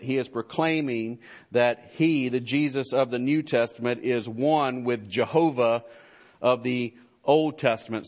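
A man preaching a sermon as pastor of a church, halting with many fillers and restarts, then building to emphatic fervor. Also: mid-range voice.

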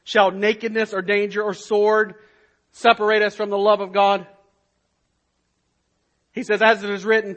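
A man preaching a sermon to his church, slow and emphatic, swelling and dropping in loudness. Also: sits high. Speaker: pastor.

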